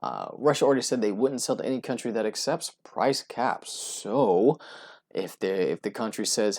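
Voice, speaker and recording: Gravelly low-voiced man, chatty market talk. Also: moderate pace, darkish tone. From United States. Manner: conversational, filler-heavy, frequent "right?" asides and restarts. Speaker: oil and gas investment commentator. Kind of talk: casual solo commentary.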